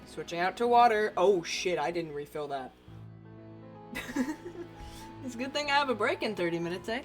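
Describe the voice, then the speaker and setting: A woman's voice: mid-range voice, animated, normal speed, pauses often, music in the background. A woman streaming a fishing game, chatting casually, laughing and swearing between dialogue. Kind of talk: casual gameplay commentary.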